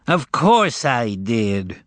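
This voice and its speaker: A man voicing a blunt, deadpan male hitman in an audiobook. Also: mid-range voice, extremely slow, no room sound, voice pushed up, full character voice. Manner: terse, deadpan. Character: blunt, cold male hitman, matter-of-fact. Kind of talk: audiobook character voice.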